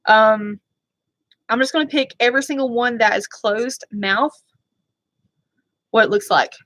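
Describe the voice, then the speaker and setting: Chatty, apologetic woman vlogger, bright voice. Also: on the high side, unhurried, no room sound. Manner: chatty, rambling, often apologetic. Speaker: beauty vlogger. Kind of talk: casual chat.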